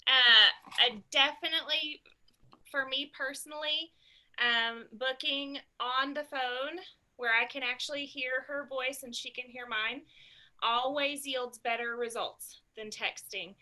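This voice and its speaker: A woman's voice: high voice, steady tone, measured pace, pushed and bright. A woman giving booking tips in a casual group chat, bubbly, laughing often and thinking aloud.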